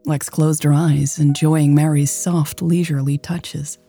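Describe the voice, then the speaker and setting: A woman narrating a romance story in a soft, hushed, unhurried way. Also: deep voice, little pitch movement, slightly rough. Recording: faint music behind.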